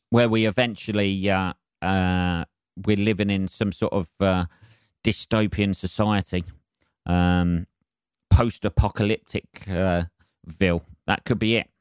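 A man hosts a solo podcast in a loose, rambling monologue. His voice sits low and comes across smooth and clean. He swears freely, trails off into fillers and stays sardonic throughout. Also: dry recording, clean studio sound. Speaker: podcast host.

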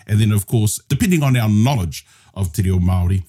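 Explaining Māori grammar patiently as a podcast guest, a New Zealand-accented man moves between Māori and English in a casual lesson. His voice is lowish, warm and slightly rough, expressive and fairly quick.

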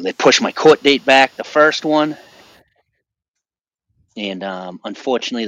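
A man's voice: fairly low pitch, fairly bright tone, no echo. A man in his forties from the Boston area, a podcast guest telling his personal testimony in an intense, emphatic way with frequent restarts. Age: 40s.

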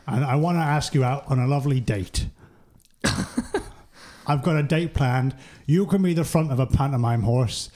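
A man's voice: mid-range voice, moderate pace, dark tone, natural voice. A man playing a cheery, hapless male coal seller who rambles chirpily.

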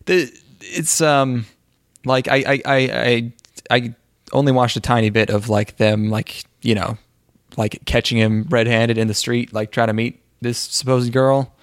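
A man's voice: mid-range voice, fairly even intonation, unhurried, dry recording, studio quality. A man co-hosting a casual podcast, rambling and swearing, with lots of filler words. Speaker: podcast co-host.

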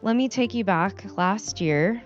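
Slow-talking young woman telling a story. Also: medium pitch, dull audio, soft background music. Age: 20s. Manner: sheepish, storytelling, giggly. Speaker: podcast co-host. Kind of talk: casual chat.

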